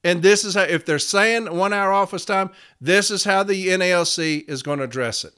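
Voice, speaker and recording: A man's voice: high voice, normal speed, hardly any pauses, pushed and bright, smooth. A man hosting a casual, profane monologue as a union steward, blunt and combative. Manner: blunt, combative, swears freely. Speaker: union steward podcast host.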